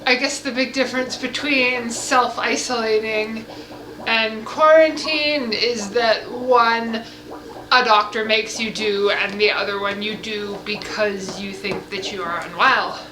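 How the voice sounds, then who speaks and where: A woman's voice: on the high side, slow pace, over music, low-quality recording. A woman chatting casually in a home vlog, out of breath and slipping into baby talk with her pets. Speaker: vlogger. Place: home, indoors.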